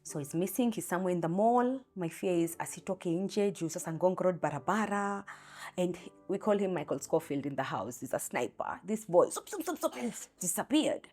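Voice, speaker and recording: A woman's voice: lowish voice, moderate pace, darkish tone, faint music behind. A young Kenyan mother telling a raw, candid personal story about a hard day.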